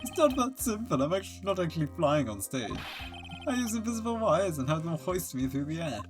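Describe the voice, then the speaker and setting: A man's voice: on the high side, big pitch swings, fairly quick, voice pushed up. A man voicing a flamboyant, vain male stage magician who speaks dramatically, over game music. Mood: dramatic. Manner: theatrical, dramatic.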